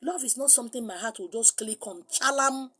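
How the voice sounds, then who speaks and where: Husky Nigerian woman preaching animatedly. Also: a little high, fast. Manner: animated, mixes in pidgin and acted voices. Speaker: spiritual teacher. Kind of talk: sermon.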